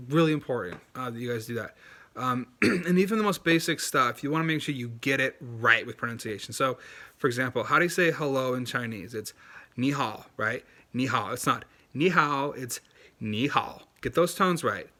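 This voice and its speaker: A man with a bright, forward voice talks to camera in a casual tip video. His delivery is loose and chatty, full of "um" and "like", yet earnest and emphatic when he repeats what matters. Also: medium pitch, expressive, moderate pace. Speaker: language-learning YouTuber.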